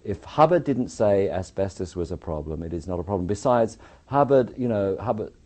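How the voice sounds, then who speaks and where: A man's voice: on the low side, normal speed. A man with an English accent, an architect interviewed about his experiences, telling his story casually and acting out what others said. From England. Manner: animated retelling, acts out quoted voices.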